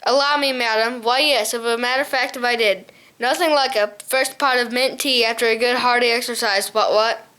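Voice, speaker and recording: A woman's voice: a little high, steady tone, fairly quick, sharp tone, clear, resonant tone. A woman reading a storybook, voicing a cheerful, eccentric upper-class male hare with jolly, posh banter.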